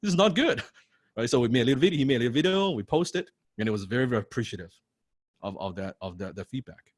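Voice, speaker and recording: A man's voice: medium pitch, fast talker, a little mellow, no room sound. A man coaching a live online class, blunt and profane, repeating key lines and often asking "right?". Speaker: copywriting coach.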